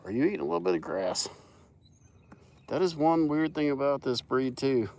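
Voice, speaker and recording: A man's voice: a little high, animated, moderate pace, gravelly, darkish tone. A man chatting casually on a live stream while out among cattle in a pasture, joking and talking to the animals. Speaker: livestreamer on a farm.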